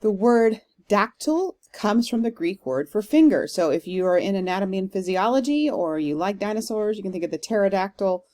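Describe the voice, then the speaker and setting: A woman's voice: medium pitch, animated, brisk, hardly any pauses, darkish tone. A woman teacher giving a recorded lecture, explaining step by step with some fillers and reading verse aloud with strong stress. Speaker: literature teacher.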